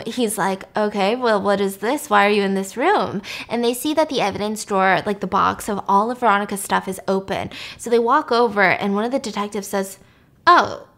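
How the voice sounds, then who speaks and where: A woman's voice: medium pitch, a bit bright. A woman casually retelling a story, acting out the characters' lines in shifting voices. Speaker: podcast host.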